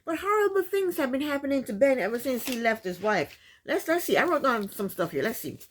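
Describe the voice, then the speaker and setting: A woman's voice: sits high, sing-song, fairly quick, a little hiss or hum. A woman casually recapping a reality show, chatty and sassy, often breaking into laughs.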